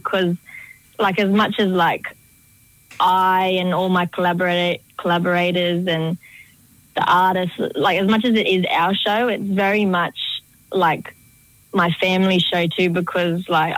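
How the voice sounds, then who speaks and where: A woman's voice: fairly low pitch, no room sound, poor audio. A young woman, a choreographer chatting in a radio interview, rambling and full of "like" fillers. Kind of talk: casual interview chat.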